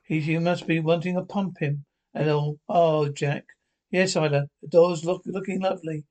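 Casting: actor as a crude, bickering old pensioner, slightly high voice. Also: male voice, steady tone, normal speed, darkish tone, natural voice. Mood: banter. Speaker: sitcom pensioner. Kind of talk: broadcast sitcom acting.

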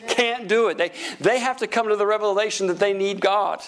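High-pitched gravelly pastor. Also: male voice, a little fast. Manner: preachy, calls for amens, animated swings in pitch. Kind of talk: sermon.

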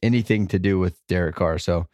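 Low-voiced emphatic podcast co-host. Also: male voice, brisk, darkish tone, dry recording, clean studio sound. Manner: confident, emphatic, talks in long runs. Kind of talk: casual fan podcast chat.

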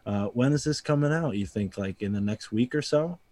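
A man from Connecticut, a podcast guest chatting casually in a rambling, laid-back way that trails off softly. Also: medium pitch, expressive, fairly quick, no echo. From Connecticut, USA.

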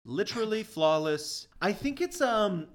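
A man's voice: high voice, sing-song, measured pace. A man co-hosting a podcast, talking about a movie in a casual, crude, joking way. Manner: crude, joking, laughs at his own bits. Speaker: podcast co-host. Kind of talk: casual comedic movie chat.

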